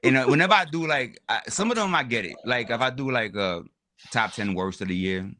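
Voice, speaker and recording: A man with a mid-range voice talks fairly quickly as a guest creator on a toy livestream. He chats casually and animatedly, constantly saying "my brother" and "you know what I'm saying."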